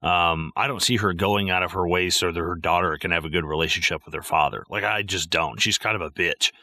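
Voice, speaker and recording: Male podcast co-host, lowish bright voice, dry close mic, profane and lively. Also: a little fast, no echo. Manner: profane, animated, acts out film quotes. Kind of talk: casual movie discussion.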